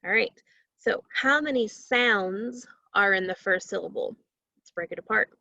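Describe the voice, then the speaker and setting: A woman leads a children's phonics lesson at a deliberately slow pace, stretching out each syllable. The sound is dry and a little muffled, with no room around it. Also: mid-range voice, vocal fry, pushed and bright, no room sound. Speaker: teacher.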